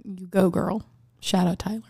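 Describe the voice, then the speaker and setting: A woman's voice: fairly low pitch, fairly even intonation, moderate pace, creaky, darkish tone, husky, dry recording, studio quality. Emphatic woman laughing through casual chat. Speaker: podcast co-host.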